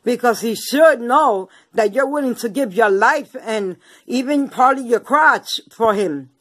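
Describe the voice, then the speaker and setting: A woman's voice: on the high side, lively intonation, a little slow, fairly bright tone, no echo. A woman ranting at her viewers in a confrontational, taunting way, full of swearing, slang and repeated lines. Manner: slang-heavy street talk. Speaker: vlogger. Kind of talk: angry rant to viewers.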